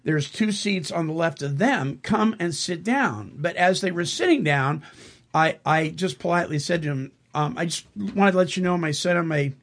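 Husky middle-aged guy hosting radio, lively ups and downs, kinda worked up. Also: fairly high pitch, normal speed. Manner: animated, indignant storyteller, chuckles often. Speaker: radio show host. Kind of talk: casual storytelling chat.

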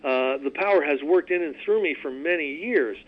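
A man's voice: a little high, normal speed. A man hosting a radio talk, speaking earnestly and emphatically about recovery, at times reading aloud. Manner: earnest, emphatic, repeats words. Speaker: radio host teaching recovery steps. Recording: muffled radio recording.

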